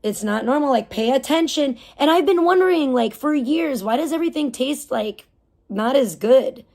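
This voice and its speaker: A woman's voice: high voice, animated, moderate pace, darkish tone. A woman livestreaming and reading her chat, ranting casually with heavy swearing, indignant and rambling. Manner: rambling with fillers and restarts.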